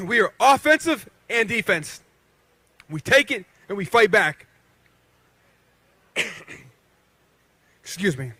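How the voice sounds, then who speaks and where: A man's voice: high-pitched, sing-song, slow pace, long pauses, sharp tone, husky, no echo. A man in his thirties from western Pennsylvania, a professional boxer giving a rousing rally speech with call-and-response to the crowd. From Beaver County, Pennsylvania.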